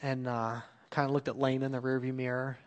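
A man's voice: medium pitch, little pitch movement, a little fast, highs cut off. Earnest man preaching in a reverberant hall. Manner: earnest, confessional, rising to emphatic exhortation. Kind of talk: personal storytelling sermon.

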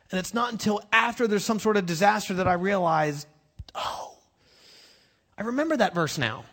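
A man's voice: high-pitched, fairly bright tone. A man pastor giving a conversational, self-deprecating sermon, dropping into slang and casual asides.

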